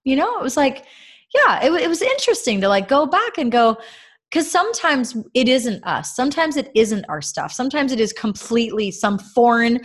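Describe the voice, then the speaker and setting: A woman's voice: high voice, big pitch swings, moderate pace. A woman in her thirties, a podcast co-host and mother, talking earnestly and reflectively about faith, with many fillers. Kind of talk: casual faith-based podcast talk.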